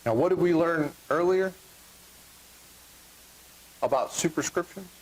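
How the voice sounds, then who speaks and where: A man's voice: on the high side, unhurried, rough recording. A middle-aged man with a Texan accent, preaching a sermon in a church, joking and acting out voices of the crowd. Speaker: pastor. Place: church sanctuary.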